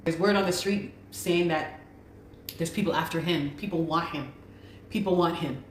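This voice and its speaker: A woman's voice: on the low side, moderate pace, a little hiss or hum. A woman telling her story as a guest, speaking urgently and repeating her pleas. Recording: echoey room recording.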